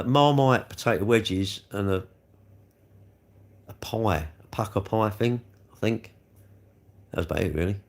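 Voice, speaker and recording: A man chatting casually on a live stream, answering comments and telling off trolls. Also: medium pitch. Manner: chatty and rambling, scolding trolls with rising heat. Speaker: livestreamer answering chat comments.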